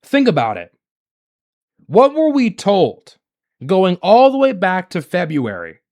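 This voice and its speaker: Male commentator, outraged, emphatic, slightly high voice with big swings in pitch. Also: huge pitch swings, slow pace, a little mellow. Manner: indignant, emphatic, repetitive rhetorical questions. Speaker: political commentary host. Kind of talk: solo political commentary.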